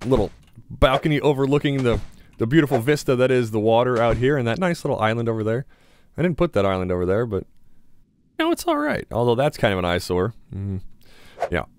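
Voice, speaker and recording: A man's voice: mid-range voice, fast talker, a little mellow, slight background noise. A young man giving casual gameplay commentary as a gaming YouTuber, chatty and mildly sarcastic as he talks to himself.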